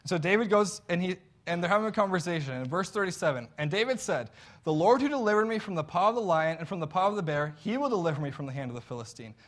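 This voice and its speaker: A man's voice: high voice, animated, fast, a bit bright. A man preaching a sermon in an earnest, conversational storytelling way.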